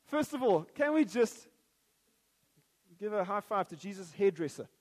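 A man's voice: sits high, big pitch swings, moderate pace, big-room sound, a little hiss or hum. A man preaching a sermon, joking at first and then earnest and prayerful.

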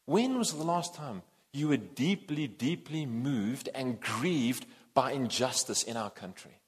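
A man preaching a sermon, animated and emphatic, swinging between loud and soft. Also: medium pitch, unhurried, few pauses, husky. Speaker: pastor.

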